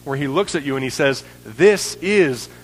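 A man's voice: medium pitch, fairly even intonation, quick pace, long reverb tail, rough recording. A man preaching a sermon in an earnest way, building in intensity and often checking in with "right?".

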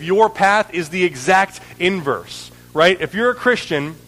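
A man's voice: high-pitched, animated, measured pace, few pauses, bright, forceful tone, in a large hall, poor audio. A man preaching a sermon in an earnest way, building in intensity and often checking in with "right?".

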